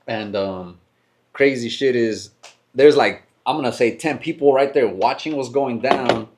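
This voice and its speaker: A man's voice: medium pitch, measured pace, darkish tone. A young man co-hosting a podcast, telling a long story in a rambling, restarting way, full of swearing and "bro". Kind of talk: casual storytelling chat.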